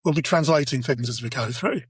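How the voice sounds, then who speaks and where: A man's voice: medium pitch, fairly quick, husky. A British man hosting a comedy history podcast, teasing his co-hosts as he tells the story. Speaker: podcast host.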